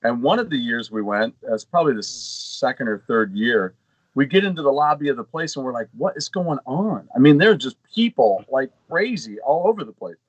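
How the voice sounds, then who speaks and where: A man's voice: medium pitch, animated, fairly quick, no room sound, poor audio. A middle-aged man co-hosting a gaming podcast, telling long rambling anecdotes in casual chat. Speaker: podcast co-host.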